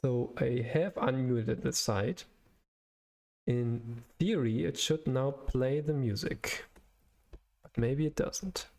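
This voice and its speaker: A young adult man live-coding on a stream, talking his way through the code in a hesitant, self-correcting way, pausing to search for words. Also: medium pitch, gravelly, darkish tone. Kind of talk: thinking aloud while programming on a livestream.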